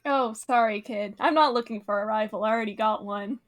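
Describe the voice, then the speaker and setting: A woman's voice: fairly high pitch, a little fast, lightly acted. A woman playing a smug young masked thief. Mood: teasing. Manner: smug, teasing. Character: cool, cocky young masked male thief.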